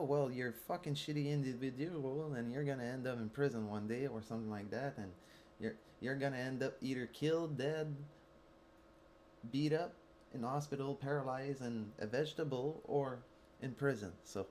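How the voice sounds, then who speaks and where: A man's voice: medium pitch, darkish tone, slight background noise. A man with a Quebec French accent, ranting heatedly and profanely at a teammate while streaming a mobile game. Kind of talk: angry rant while streaming gameplay.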